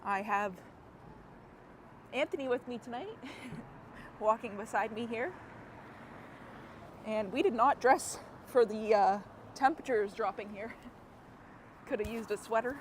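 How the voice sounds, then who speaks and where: A woman's voice: on the high side, unhurried, long pauses. Chatty woman walking a city street. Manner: chatty, greets viewers by name, laughs often. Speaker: live-stream host. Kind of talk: casual live walking stream. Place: city street outdoors at night. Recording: outdoor street noise with traffic. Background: traffic and street noise.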